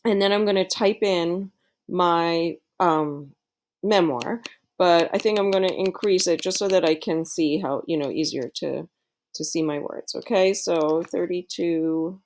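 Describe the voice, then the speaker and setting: Chatty teacher walking students through software. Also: female voice, lowish voice, a little slow. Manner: friendly, chatty, many fillers. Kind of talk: screen-recorded tutorial for students.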